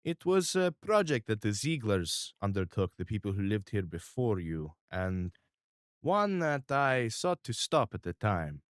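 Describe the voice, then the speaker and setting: A man voicing a tubby, calm small-town boss who dislikes change, speaking in a slow, formal, measured way. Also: fairly low pitch, no room sound, studio quality.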